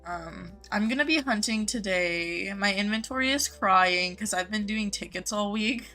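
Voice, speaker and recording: Bright-voiced gushing woman streamer. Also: medium pitch, normal speed, soft background music. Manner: gushing, upbeat, greets chatters by name. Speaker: game streamer. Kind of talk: casual live-stream chat reading viewer messages.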